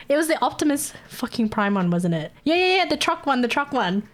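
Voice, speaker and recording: A woman's voice: high voice, sing-song, moderate pace. An Australian woman chatting casually on a live stream, giggling constantly and swearing freely. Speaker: livestreamer.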